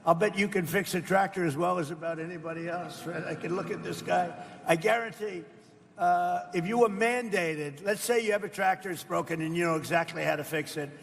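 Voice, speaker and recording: High, gravelly older man addressing a crowd. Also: brisk. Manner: rambling, boastful, asks the crowd questions. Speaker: political speaker. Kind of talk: off-the-cuff campaign-style speech. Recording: reverberant hall with faint background ambience.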